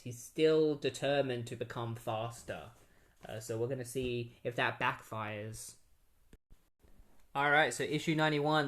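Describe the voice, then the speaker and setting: A man with a mid-range voice gives a casual, rambling recap of a comic book. He's full of fillers and restarts, and he gets animated whenever he quotes the characters.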